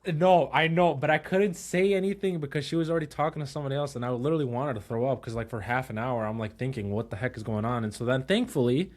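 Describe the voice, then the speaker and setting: A man's voice: mid-range voice, fast, few pauses. A young man co-hosting a podcast, casually retelling a story, acting out quotes and switching into Spanish now and then. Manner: animated retelling, acts out quotes. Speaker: podcast co-host.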